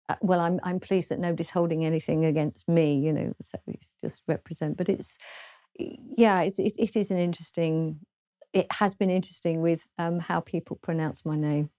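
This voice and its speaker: A woman from southern England with a southern English accent, a guest author in an interview, speaking hesitantly with many pauses and restarts. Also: deep voice, mellow, no room sound, studio quality. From southern England, London. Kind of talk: casual interview chat.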